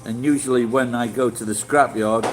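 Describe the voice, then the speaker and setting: A man's voice: mid-range voice, fairly even intonation, moderate pace, music in the background, rough recording. A middle-aged man with a Yorkshire accent, chatting casually with live viewers in a rambling, blunt way and swearing freely. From Yorkshire, England. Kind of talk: casual livestream chat.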